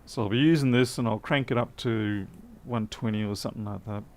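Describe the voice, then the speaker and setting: A man's voice: on the low side, fairly quick. A tired man streaming a late-night electronics repair, muttering as he works and answering live chat with dry, self-deprecating remarks.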